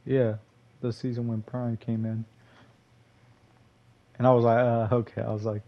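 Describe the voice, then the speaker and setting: A man's voice: lowish voice, flat delivery, normal speed, long pauses, lo-fi sound. A young man from Texas commentating on his own gameplay in a rambling, loose way, full of fillers and curses. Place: home gaming room.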